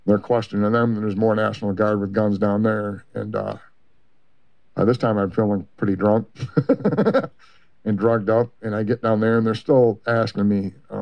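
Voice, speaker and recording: A man giving a long, rambling personal account in an interview, halting with many fillers and restarts. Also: on the low side, steady tone, vocal fry. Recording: muffled lo-fi recording.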